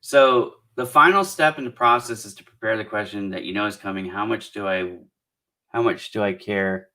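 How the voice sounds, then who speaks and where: A middle-aged man with a slightly low, gravelly voice and a bright, forceful edge to his tone. He hosts a casual live Q&A on job hunting, thinking aloud and encouraging viewers as he works through their comments. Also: moderate pace. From Southern California. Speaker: career coach hosting a live Q&A.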